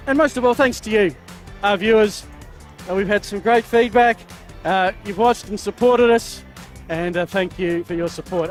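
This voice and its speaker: A man calling a local football broadcast as play-by-play commentator, speaking in a measured way. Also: sits high. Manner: measured, listing thank-yous.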